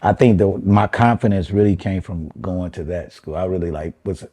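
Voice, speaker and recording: A man in his forties from Chicago's west side, a comedian guest telling animated, profane stories in casual chat. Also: normal speed, slightly rough. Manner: animated, does high mocking voices of relatives, swears a lot.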